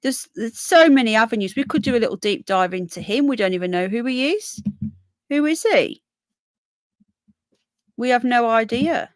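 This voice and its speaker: A little high and animated, her voice moves at a moderate pace with long pauses and no room sound. A weary, yawning livestream host, she chats casually through viewer comments and breaks off between points to speak to her pets.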